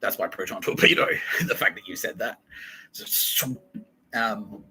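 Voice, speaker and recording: A man's voice: lowish voice, a little slow, sharp tone, slight background noise, low-quality recording. A man hosting a podcast, telling a rambling, profane comic story with frequent laughs. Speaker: podcast host. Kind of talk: rambling comedic monologue.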